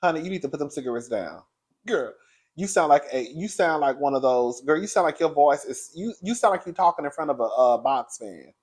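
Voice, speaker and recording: Sassy, gossipy man with a higher voice. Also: slightly rough. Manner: animated, gossipy, quick laughs. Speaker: commentary vlogger. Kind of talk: sassy reaction commentary.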